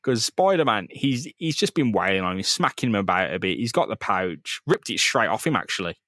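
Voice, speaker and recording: A man's voice: lowish voice, sing-song, brisk, sharp tone, no room sound, clean studio sound. A man co-hosting a casual comic-book podcast, recapping scenes animatedly, swearing freely and acting out the characters' lines. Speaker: podcast co-host.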